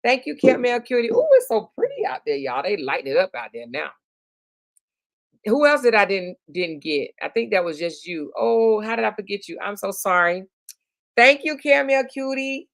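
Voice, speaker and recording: Woman live-streaming, gravelly voice, super chatty and affectionate with her viewers, dry close mic. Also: mid-range voice, animated, normal speed, a bit bright, no room sound. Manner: chatty, affectionate, calls viewers honey and girl. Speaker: YouTube live stream host. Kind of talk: casual live-stream chat reading comments.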